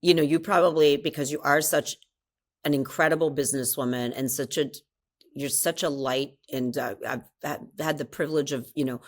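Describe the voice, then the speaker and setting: Low-pitched woman guest mentor, lively storyteller who keeps chiming in. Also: normal speed. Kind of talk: casual conversation.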